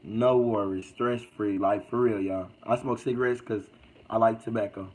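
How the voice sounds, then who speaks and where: A man's voice: lowish voice, steady tone, normal speed, a little mellow, rough recording. Slangy man chatting on a livestream. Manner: loose, preachy, slangy, repeats "indeed". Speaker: livestream host. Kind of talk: casual livestream chat reading comments.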